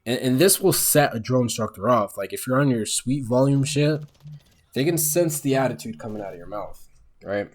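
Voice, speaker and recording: A young man telling a casual, profane story straight to his audience on his own microphone at home late at night. He keeps it low and relaxed and keeps checking in with "all right?". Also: moderate pace. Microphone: own microphone, speaking quietly late at night.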